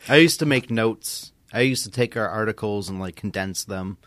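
A man's voice: fairly low pitch, moderate pace, fairly bright tone, no room sound, studio quality. A man co-hosting a podcast, talking in a laid-back, offhand way. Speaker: podcast co-host. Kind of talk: casual podcast chat.

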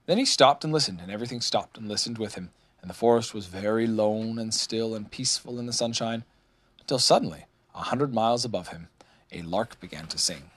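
A man narrating a children's storybook in a lively, expressive way, voicing many characters. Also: on the low side, brisk. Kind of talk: storybook reading.

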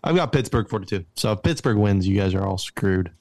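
A man's voice: lowish voice, lively intonation, fairly quick, no echo. A man co-hosting a casual sports podcast, joking around and arguing about betting on favorites. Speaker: podcast co-host.

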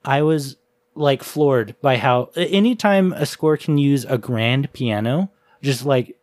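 A man's voice: medium pitch, unhurried, a little mellow, dry recording. A man chatting casually about a film on a podcast, laid-back and jokey, with casual swearing. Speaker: podcast co-host.

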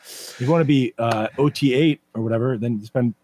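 A man's voice: medium pitch, fairly quick, darkish tone, a little hiss or hum. A man on a podcast chatting casually and teasing the other speaker with dry banter. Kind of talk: casual chat.

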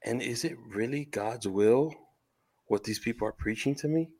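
A man's voice: mid-range voice, moderate pace, darkish tone. A man in a casual podcast chat, rambling with restarts and self-corrections.

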